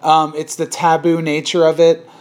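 A man's voice: on the high side, completely flat delivery, moderate pace, a little mellow. A man hosting a casual podcast chat, rambling with many restarts and frequent laughter. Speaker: podcast host.

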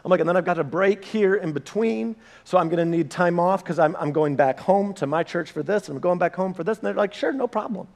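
High-voiced man telling a sermon story. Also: brisk, vocal fry, few pauses. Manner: animated storytelling, acting out dialogue. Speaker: pastor.

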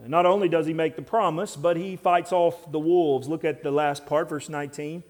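A man preaching a sermon to a congregation. He swings between loud, emphatic passages and quiet, intense ones, with wry asides to the listeners. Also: a little high, fairly even intonation, moderate pace. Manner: self-deprecating asides to the congregation. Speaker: pastor.

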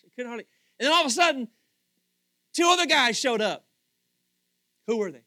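A male pastor preaches with a high, bright voice and a playful, animated delivery, acting out the people he quotes. The recording is dry and close, with no room echo. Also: measured pace, pauses often. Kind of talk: sermon.

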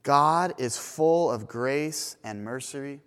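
A man preaching a sermon in a church, retelling a parable in a lively storytelling manner. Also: medium pitch, takes it slowly, smooth. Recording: long reverb of a church hall.

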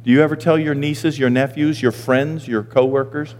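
A man in his sixties, a pastor, preaching a sermon and telling stories, now and then jumping into high squeaky voices for the people he quotes. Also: fairly even intonation, moderate pace, a little mellow, long reverb tail. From Maine. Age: 60s. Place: church sanctuary.

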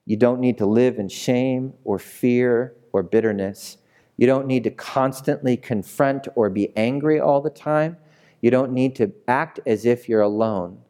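A man's voice: medium pitch, a little slow, dark tone. A male pastor preaching a passionate sermon, repeating phrases and asking his listeners direct questions. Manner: passionate, repetitive, asks the audience direct questions.

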